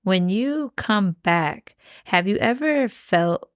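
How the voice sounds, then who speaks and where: A woman's voice: mid-range voice, lively intonation, takes it slowly, no echo. A woman hosting a podcast, supportive and asking long, rambling questions. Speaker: podcast host. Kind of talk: casual interview conversation.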